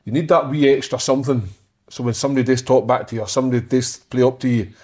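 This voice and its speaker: A man's voice: medium pitch, fairly even intonation, fast, darkish tone. A man, a footballer, giving blunt, sweary opinions in casual chat. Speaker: footballer, podcast guest.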